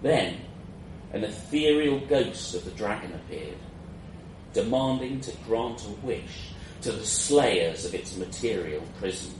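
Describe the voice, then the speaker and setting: A man's voice: on the low side, expressive, unhurried. A man narrating a first-person fantasy story in a wry, self-mocking way, in a roomy, distant, noisy recording.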